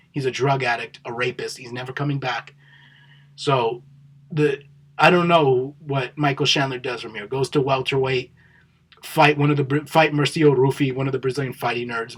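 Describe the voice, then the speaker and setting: A man delivers casual solo vlog commentary in a husky, middle-pitched voice. He rambles from point to point and restarts his sentences. His delivery is opinionated and sprinkled with casual profanity. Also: steady tone, moderate pace, fairly bright tone. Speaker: MMA vlogger.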